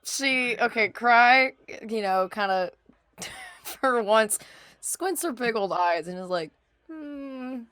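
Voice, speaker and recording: A woman's voice: fairly high pitch, lively intonation, slow, a bit bright, smooth, no echo. Giggly woman playing a tabletop game. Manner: giggly, chatty. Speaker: player. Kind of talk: casual tabletop play.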